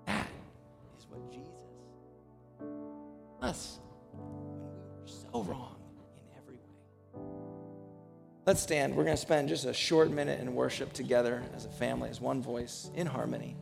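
A man's voice: mid-range voice, fairly even intonation, a little slow, creaky, long pauses, big-room sound, music in the background. A man preaching a sermon as pastor to his church, telling a story and rising into passionate, urgent preaching. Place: church sanctuary.

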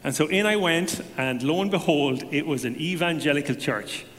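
A man giving a personal testimony to a congregation, telling it as an animated story with self-deprecating humor. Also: fairly high pitch, normal speed, long reverb tail.

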